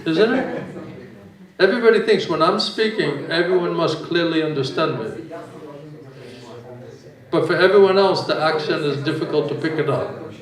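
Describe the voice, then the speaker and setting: A man teaching spirituality in a relaxed, joking, conversational way. His fairly high voice sounds distant in an echoey hall, with an audience audible behind him. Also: moderate pace, long pauses, crowd noise. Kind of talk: informal religious talk with questions.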